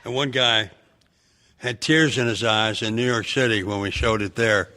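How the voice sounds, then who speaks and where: Excitable, rambling man with a bright voice. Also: on the low side, moderate pace. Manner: excitable and rambling, breaks into loud laughs. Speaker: guest, actor. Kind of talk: podcast interview, telling anecdotes.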